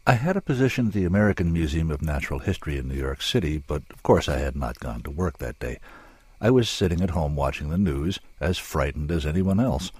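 A man narrating a story in a measured, dramatic way, with drawn-out pauses. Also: very deep voice, animated, a little mellow, slightly rough, no echo.

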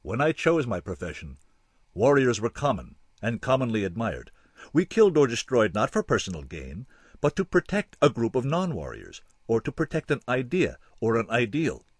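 A man's voice: medium pitch, wildly swooping pitch, normal speed, husky, dry recording, clean studio sound. A man voicing a hulking, bitter male space warrior who speaks in blunt threats. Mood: grim.

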